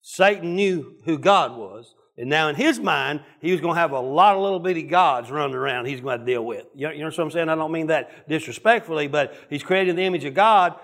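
Male pastor, folksy storytelling sermon, voice sits a little high. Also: brisk, few pauses, a bit bright. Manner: folksy, storytelling, calls on listeners by name. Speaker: preacher.

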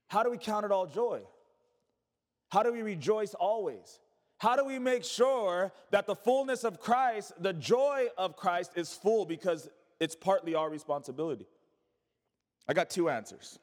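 Male pastor, sermon delivery, high pitch, call-and-response with the congregation, reverberant hall. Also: expressive, measured pace. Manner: preaching with call-and-response and rhetorical questions.

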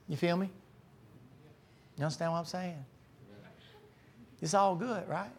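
A middle-aged man preaching a folksy, joking sermon that climbs to loud, shouting peaks. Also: sits high, a little slow, long pauses, slight background noise. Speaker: pastor.

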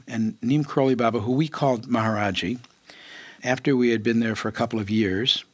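Husky older man telling stories. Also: lowish voice, dry recording. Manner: lively storyteller, acts out quoted voices, laughs often. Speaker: guest, physician. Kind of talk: storytelling interview.

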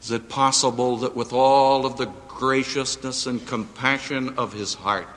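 A man preaching a sermon to a live audience, with dramatic emphasis that rises to near-shouts on quotes. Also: medium pitch, fairly even intonation, a little slow. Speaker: preacher and seminary professor. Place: auditorium before a live audience. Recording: hall reverb, radio broadcast.

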